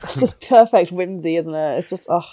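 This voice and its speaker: A woman's voice: lowish voice, normal speed, mellow, no echo. A woman guest on a podcast, chatting about films in an enthusiastic, sweary way. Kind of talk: casual podcast chat.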